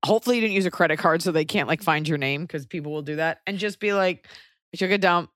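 A woman's voice: low voice, fast talker, fairly bright tone, no echo, studio quality. A young adult woman hosting a podcast, pregnant, talking in a blunt, sarcastic way, swearing freely in casual comedic chat. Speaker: podcast host.

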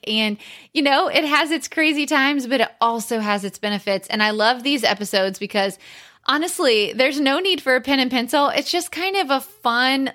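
A woman in her thirties hosts a podcast in a bright, sharp-toned voice. She talks in an upbeat, lighthearted and quick way, like casual chat with friends. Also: fairly high pitch. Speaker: podcast host.

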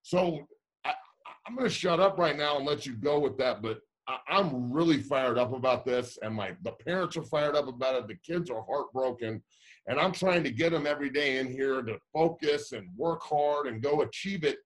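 A high school football coach ranting heatedly, blunt and swearing, fired up about his players losing their season. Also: expressive, moderate pace. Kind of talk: heated radio call-in rant.

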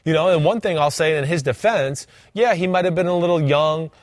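A man's voice: a little high, brisk, no room sound, studio quality. A man who once played the game, co-hosting a casual sports talk show and acting out what players think. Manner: animated, acts out players' voices. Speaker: former player turned co-host.

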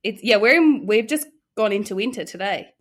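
A woman's voice: mid-range voice, lively intonation, fairly quick. A woman with an Australian accent, co-hosting a casual podcast chat, laughing often and swearing freely. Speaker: podcast co-host, nurse.

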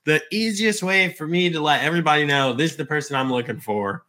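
Bright-voiced male podcast host. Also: a little high, fast. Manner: lively, argumentative banter. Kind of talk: casual conversation.

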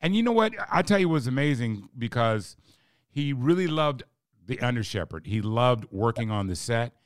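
A man hosting a casual interview, earnestly telling a story and repeating words when excited. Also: mid-range voice, moderate pace, smooth, dry recording, clean studio sound. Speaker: podcast host, film writer-director.

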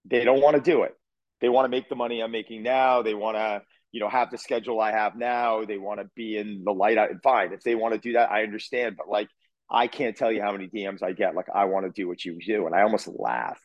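Blunt, emphatic man with a low voice. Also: fast talker, no echo, highs cut off. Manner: emphatic, animated, blunt, casual swearing. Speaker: fitness coach, podcast guest. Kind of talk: casual interview talk. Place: on a video call.

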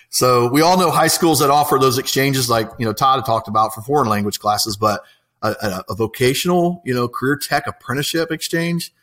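A man's voice: medium pitch, fairly bright tone. A man, an apprenticeship coordinator telling stories in a casual, enthusiastic interview, rambling with many fillers.

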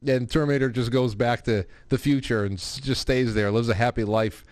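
A man in his thirties chats his way through viewer messages on a live show, animated and informal. His voice sits in an ordinary middle pitch. The close mic leaves it dry, with no room sound. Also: a little fast, no room sound. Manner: animated, puts on a high child's voice when quoting his daughter. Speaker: podcast host reading viewer comments. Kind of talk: casual live-stream chat.

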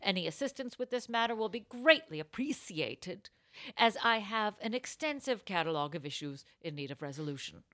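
Bright-voiced woman cohosting a comedy pod, goofy and animated, reads listener mail. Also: medium pitch, moderate pace. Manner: animated, laughs often, jumps into silly voices. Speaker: podcast co-host. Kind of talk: comedic podcast chat with playful bits.

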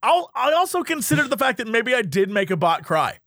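High-voiced young man telling a story. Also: brisk, no echo, studio quality. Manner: animated, laughing, self-amused storyteller. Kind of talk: casual storytelling chat.

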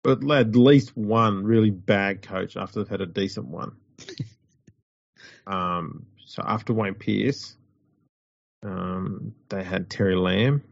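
A man's voice: on the low side, slow pace, creaky, dry recording. A man, co-hosting a sports chat show, rambling and wry. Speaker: podcast co-host. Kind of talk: casual chat. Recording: dull lo-fi audio.

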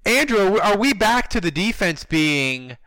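A man's voice: high-pitched, big pitch swings, normal speed, sharp tone. A man hosting a podcast, chatting casually and animatedly with his co-hosts. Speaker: podcast host. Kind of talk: casual chat.

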